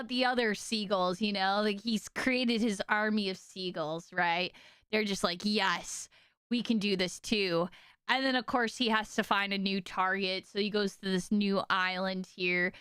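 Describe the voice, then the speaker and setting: A young woman streaming casually to her chat, telling stories in an animated, exaggerated way with lots of "like" and "okay?". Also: mid-range voice, clear, resonant tone, no echo, clean studio sound.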